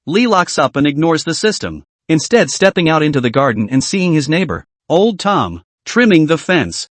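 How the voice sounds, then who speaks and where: A man's voice: a little high, moderate pace, hardly any pauses, dry recording. A man narrating a comic recap story in a scripted reading style. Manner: animated storytelling, reads every figure himself.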